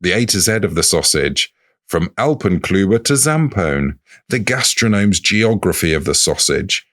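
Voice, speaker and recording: A man's voice: low voice, very animated, moderate pace, a bit bright. A man co-hosting a comic folklore podcast, reading book passages aloud in a playful way. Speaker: podcast co-host.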